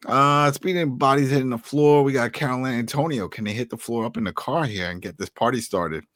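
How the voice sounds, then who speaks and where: A man's voice: mid-range voice, fairly quick, no room sound, studio quality. A man with a heavy Brooklyn New York accent, co-hosting a casual podcast chat and acting out little quotes as he talks. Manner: animated, acts out quotes in shifted voices. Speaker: podcast co-host.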